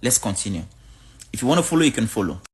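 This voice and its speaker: A woman from Africa speaks straight to her viewers in a casual vlog. Her talk is blunt and outspoken, and her pitch swings a lot from line to line. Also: very animated, fast talker, darkish tone. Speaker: vlogger.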